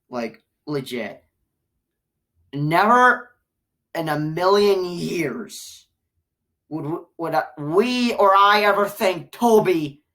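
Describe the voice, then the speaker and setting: Rambling low-pitched woman reviewing a film. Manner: rambling and repetitive, swinging from loud outbursts to low mumbles. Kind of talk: casual spoken review.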